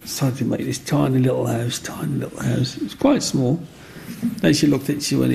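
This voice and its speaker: A man's voice: medium pitch, normal speed, vocal fry, a little mellow, a little hiss or hum. A man, an interviewee telling stories of his childhood, rambling and repeating himself, with "you know what I mean" coming back often. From English Black Country. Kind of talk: reminiscing storytelling.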